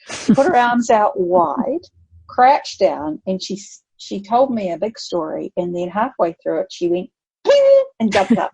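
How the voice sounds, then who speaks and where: An older woman, a grandmother, speaking as a guest on a podcast and telling stories with lively acted-out voices. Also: mid-range voice, gravelly, slightly rough, muffled recording. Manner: animated storytelling, acts out voices. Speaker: guest expert. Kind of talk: podcast conversation.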